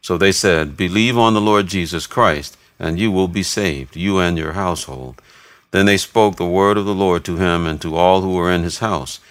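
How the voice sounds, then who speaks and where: A man giving a steady, measured reading of scripture, voicing narration and quoted speech alike. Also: sits low, no echo. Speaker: scripture reader.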